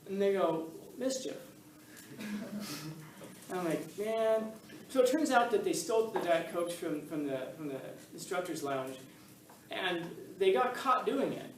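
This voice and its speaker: A man with a fairly high voice teaches a philosophy class, telling stories and acting out the voices in them. The mic sits some way off in a reverberant classroom, with a faint hum of room noise behind him. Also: moderate pace. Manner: animated storytelling, acts out voices in anecdotes. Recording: echoey room, mic at a distance.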